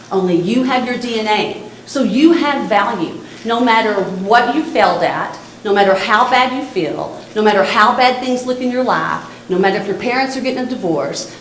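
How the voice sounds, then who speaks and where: A woman's voice: a little high, a little hiss or hum. Earnest Texan woman in an echoey hall. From Texas. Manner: earnest, repetitive, direct to young listeners. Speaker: suicide prevention speaker. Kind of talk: talk to church students. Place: church hall.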